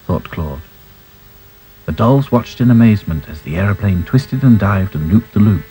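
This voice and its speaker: A man narrating a children's story in a gentle, unhurried way. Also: on the low side, animated, rough recording.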